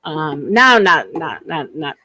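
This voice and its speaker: Woman in her forties from New York, casual stream host, chatty and restarting, lowish voice. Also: big pitch swings, slow, pushed and bright. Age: 40s. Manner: chatty, with many restarts and laughs. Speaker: livestream host. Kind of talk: casual live chat. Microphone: phone.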